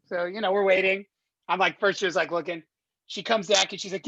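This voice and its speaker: A man in his twenties, a podcast guest, telling a story casually in a slangy, animated way and swearing freely. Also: high-pitched, fairly quick, dull audio.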